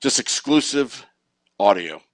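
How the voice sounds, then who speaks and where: A man co-hosting a podcast, cutting in with dry, deadpan jokes during casual banter. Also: medium pitch, slow pace. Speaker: podcast co-host.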